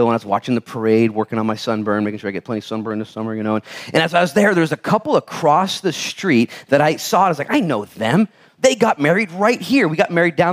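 Animated preaching man, soft to loud. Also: medium pitch. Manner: animated, swings from soft intensity to loud exclamations; storytelling, acts out quoted dialogue. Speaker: pastor. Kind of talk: sermon. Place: church.

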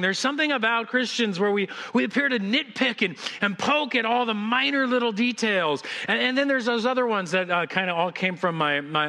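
A man's voice: high voice, pushed and bright, long reverb tail. A man preaching a sermon as senior pastor to a church congregation. He talks in a conversational, joking way, with frequent restarts. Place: church sanctuary.

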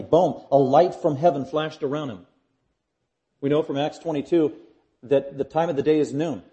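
A man preaching an expository sermon, emphatic and repetitive, swinging from loud declarations to hushed asides. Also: on the high side.

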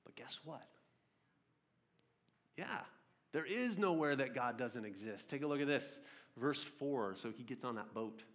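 A male pastor preaching a sermon, reading scripture aloud and retelling it as lively storytelling with questions to his listeners. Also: mid-range voice, a little slow, long pauses.

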